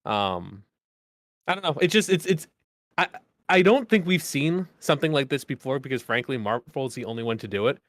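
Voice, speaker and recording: With lively intonation and normal speed, a man co-hosting a podcast chats casually, rambling and restarting often amid many fillers. His medium pitch carries a bit of brightness, and the recording is dry.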